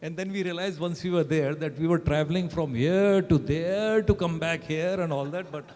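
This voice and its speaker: Panel guest, male, somewhat high voice, chatty storyteller, reverberant event hall. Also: normal speed, a little mellow. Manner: chatty, tags sentences with "right?". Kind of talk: anecdotal storytelling. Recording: long reverb of a large hall.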